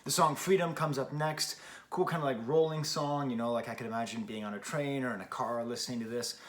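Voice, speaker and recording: His pace is brisk and his tone steady, with a medium-pitched voice, as this man in his forties casually rambles through an album review. He often restarts sentences and pokes fun at himself along the way.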